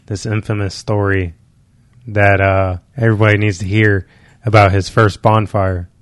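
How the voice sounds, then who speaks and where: A man's voice: fairly low pitch, level tone, moderate pace, dry recording. A male podcast host who jokes and teases his guest in casual chat. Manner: joking, teasing banter.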